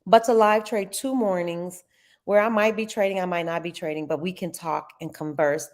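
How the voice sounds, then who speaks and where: A woman's voice: on the low side, moderate pace. A middle-aged woman hosting a live trading stream, chatting casually and expressively with her viewers. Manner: chatty and expressive, talks to chat as y'all.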